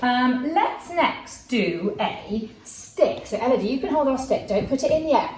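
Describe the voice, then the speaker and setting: A woman teaching a lively class for young children, in a sing-song, encouraging way, calling out actions for them to copy. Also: sits high, measured pace, slight background noise. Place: home room with a child helper. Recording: echoey room, mic at a distance.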